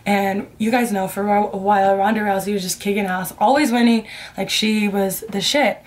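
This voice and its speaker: A woman's voice: mid-range voice, steady tone, normal speed. A young adult woman vlogger telling a personal story in casual storytime style, candid and rambling, with many "like"s. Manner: candid, rambling, heavy use of "like".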